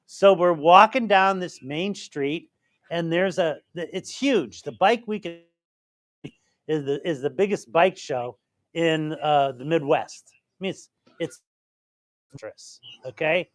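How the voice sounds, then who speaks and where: An older man talks with a slightly raised pitch, easy and chatty, as he hosts an advice show. His voice sits close and dry on a studio mic with no room sound at all. He likes to spin a story and act out the lines of the people in it. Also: a little slow, no room sound. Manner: chatty, tells stories with acted-out quotes. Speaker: radio show host giving legal advice. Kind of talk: call-in advice and casual storytelling.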